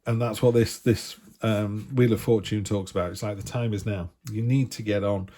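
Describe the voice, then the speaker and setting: Husky low-voiced man reading tarot. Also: fairly even intonation, moderate pace, dark tone. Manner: chatty, encouraging, repeats words and restarts. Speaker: tarot reader. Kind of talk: casual weekly tarot reading.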